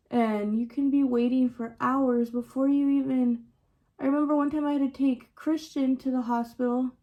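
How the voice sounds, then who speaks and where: A young woman vlogger telling a story casually, animated and full of "like" and quoted dialogue. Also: on the high side. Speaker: beauty vlogger. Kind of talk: casual storytelling while doing lash extensions.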